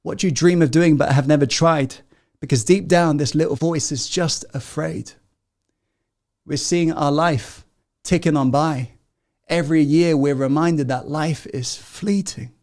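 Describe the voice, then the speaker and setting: Man, self-help coach, somewhat high-pitched, livestream masterclass, loud-to-hushed swings, constant questions. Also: a little slow. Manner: swings between loud rallying and hushed intensity; asks the audience constant questions. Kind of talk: motivational masterclass talk.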